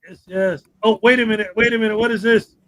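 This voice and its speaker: A livestream host with a high, bright voice. He chats casually and eagerly with his co-hosts. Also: steady tone, fast talker, low-quality recording. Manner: chatty, enthusiastic.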